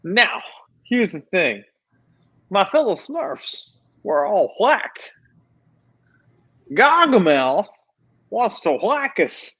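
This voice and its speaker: Guy doing a high squeaky smurf with a fake new york wiseguy accent, all over the place, muffled audio. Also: sing-song, drawn-out words, pauses often, pushed and bright, slightly rough, heavily acted. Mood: mock-gangster. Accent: put-on New York. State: drunk. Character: male Smurf talking like a New York mobster.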